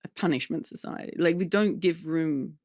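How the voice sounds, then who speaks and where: Woman, comedian on a podcast, gravelly fry in the voice, dry close mic, tells stories and does little impressions. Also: sits low, moderate pace, dry recording. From Australia. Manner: lively storytelling, slips into impressions of others. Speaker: comedian guest. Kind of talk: candid podcast conversation.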